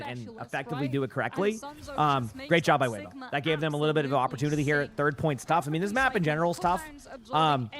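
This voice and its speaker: A man streaming live, giving rapid esports commentary in auctioneer-like patter as he reacts to a pro match. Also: on the high side.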